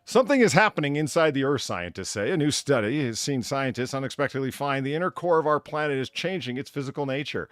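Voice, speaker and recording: A man's voice: medium pitch, lively intonation, fast, hardly any pauses, fairly bright tone, no echo, studio quality. Ranting, profane male stream co-host. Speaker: podcast co-host. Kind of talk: casual live-stream chat.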